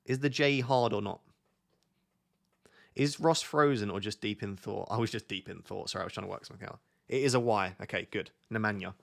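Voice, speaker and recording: A man's voice: on the low side, brisk, vocal fry. A young British man hosting a casual live stream, chatting and reading out questions from his viewers. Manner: chatty, reads chat questions aloud. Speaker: streamer host.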